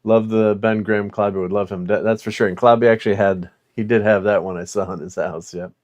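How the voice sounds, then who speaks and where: Middle-aged male toy collector, slightly low voice, loose rambling delivery full of "uh"s and chuckles; portable mic. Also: fairly even intonation, fairly quick, darkish tone. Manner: rambling, many fillers, chuckling. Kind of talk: casual unboxing chat.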